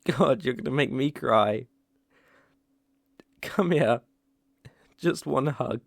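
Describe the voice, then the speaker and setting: A tender, remorseful young ex-boyfriend with a British accent, as a man plays him in a whispered role-play. His voice carries a gravelly, fry-laden edge and he lingers slowly over each halting phrase, close and dry on the mic. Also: mid-range voice, no echo. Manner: hesitant, halting, with soft laughs. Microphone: close mic, ASMR.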